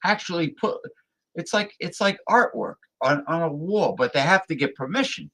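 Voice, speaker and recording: A man with a fairly high voice chimes in insistently, stumbling and restarting as he makes his point. His speech is conversational and earnest. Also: lively intonation, fairly bright tone, low-quality recording. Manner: emphatic, halting, restarts often. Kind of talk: casual chat.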